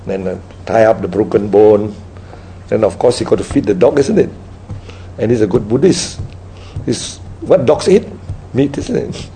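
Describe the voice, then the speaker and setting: Creaky-voiced man giving a dharma talk. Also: mid-range voice, mellow, slight background noise, poor audio. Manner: tag questions like "right?" after nearly every point; unhurried, storytelling delivery. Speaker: Buddhist teacher. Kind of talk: dharma talk with audience questions.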